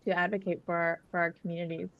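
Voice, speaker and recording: A woman's voice: on the low side, level tone, quick pace, creaky, muffled recording. A woman hosting a webinar interview over a video call, asking questions in a conversational way with many fillers. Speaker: webinar host.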